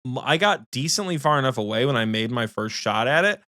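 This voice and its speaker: A young man co-hosting a casual gaming podcast, telling lively stories, swearing freely and mimicking his friend. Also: mid-range voice, brisk, no echo, clean studio sound. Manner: animated storytelling, swearing, mimics friends in quotes. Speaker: podcast co-host.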